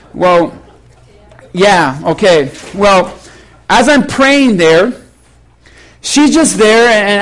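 A male pastor preaching a sermon in a lively, conversational storytelling way, poking fun at himself. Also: high-pitched, low-quality recording. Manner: animated, conversational, self-mocking.

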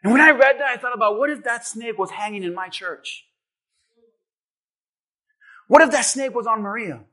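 Male preacher, very high and bright, dramatic delivery with shouted peaks. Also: normal speed, long pauses. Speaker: pastor. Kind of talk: sermon.

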